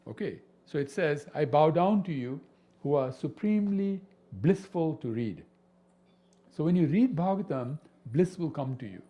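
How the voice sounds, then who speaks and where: A man teaching a devotional scripture class, animated and full of rhetorical questions. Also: a little high, moderate pace, muffled recording. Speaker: spiritual teacher.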